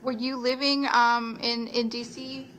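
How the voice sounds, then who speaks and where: A woman attorney in a courtroom, questioning a prospective juror in a polite, measured way. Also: on the high side, flat delivery, a bit bright, a little hiss or hum, rough recording. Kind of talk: jury selection questioning.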